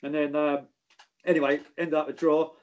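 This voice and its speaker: A man recounts his football days in a casual, animated way, cursing freely. His voice sits a little high for a man. He keeps the story moving with plenty of fillers. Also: moderate pace, lo-fi sound. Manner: swears freely, animated anecdotes. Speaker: former footballer guest.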